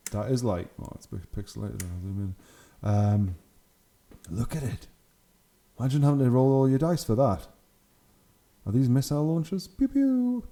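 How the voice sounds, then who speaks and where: A young man hosting his channel chats casually and enthusiastically about hobby photos, laughing often. His mid-range voice is mellow and moves at a normal speed.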